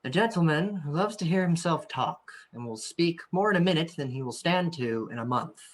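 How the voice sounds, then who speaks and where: A woman's voice: low-pitched, expressive, moderate pace. A woman playing an earnest young nobleman in a video-call staged reading.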